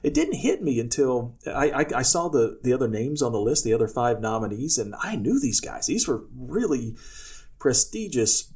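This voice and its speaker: Husky-voiced male public speaking coach. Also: medium pitch, sing-song, moderate pace, darkish tone. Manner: tells personal anecdotes, acting out quoted speech; loose, many restarts. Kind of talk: casual podcast talk.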